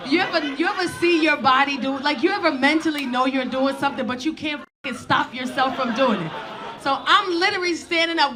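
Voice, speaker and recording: A woman, animated, swinging from hushed asides to loud punchlines. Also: high voice, normal speed, a faint crowd, slight background noise. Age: 40s. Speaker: stand-up comedian. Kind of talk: stand-up storytelling.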